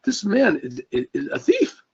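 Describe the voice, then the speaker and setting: Brief: indignant man in disbelief, done by a male storyteller; husky voice, dull recording. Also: very high-pitched, huge pitch swings, moderate pace, a little mellow, voice pushed up, full character voice. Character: shocked, indignant male traveler.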